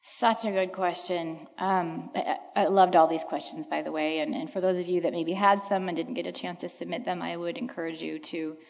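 A woman's voice: fairly low pitch, steady tone, moderate pace, gravelly, hardly any pauses, a little mellow. Earnest woman counselor in echoey hall. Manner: earnest, reflective, emphatic repetition. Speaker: counselor answering audience questions. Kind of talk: church talk Q&A answer. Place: large hall with an audience. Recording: echoey hall, dull lo-fi sound.

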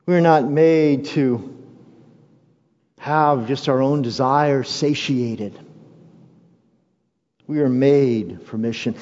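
A man's voice: mid-range voice, a little mellow. A man preaching a sermon as pastor, emphatic and repeating key phrases for weight. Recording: dull lo-fi sound with long hall reverb.

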